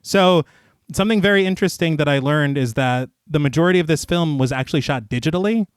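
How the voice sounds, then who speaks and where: Man, podcast co-host, resonant voice, higher side, dry close mic, lively recap. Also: fast talker, smooth, no room sound. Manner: lively, laughs often, switches from recap to chatty asides. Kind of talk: casual podcast film recap with narrated scene summary.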